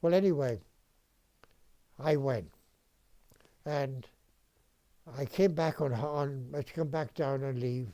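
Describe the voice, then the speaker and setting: A man, reminiscing in a rambling, halting way with frequent restarts and throat clearing. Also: medium pitch, dark tone. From Wales. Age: 90s. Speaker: interviewee, retired dentist. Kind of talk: reminiscing storytelling.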